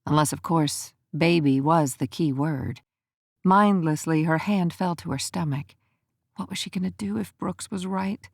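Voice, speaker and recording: A woman narrating a romance audiobook in an even, measured storytelling manner. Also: low voice, gravelly, no echo, studio quality.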